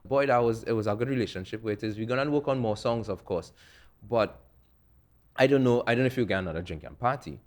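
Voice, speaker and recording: A man's voice: medium pitch, fast talker. A young man, telling stories in a laid-back way as a music producer on a podcast, laughing often. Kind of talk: casual interview chat.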